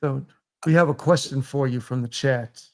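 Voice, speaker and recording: A man's voice: mid-range voice, normal speed, a little mellow. A man hosting a podcast, asking questions in loose, rambling casual chat and fumbling for his words. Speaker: podcast host.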